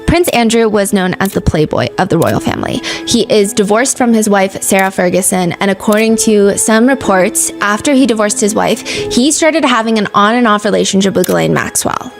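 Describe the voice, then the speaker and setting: A woman's voice: mid-range voice, lively intonation, normal speed, gravelly, few pauses, soft background music. A woman hosting a podcast, telling a true-crime story in a casual, chatty way with fillers and side remarks. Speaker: podcast host.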